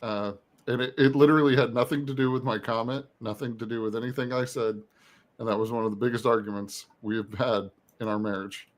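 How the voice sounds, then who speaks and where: A married man guesting on a livestream, talking in a dry, wry, low-key way. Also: steady tone, a little fast. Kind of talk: casual livestream chat.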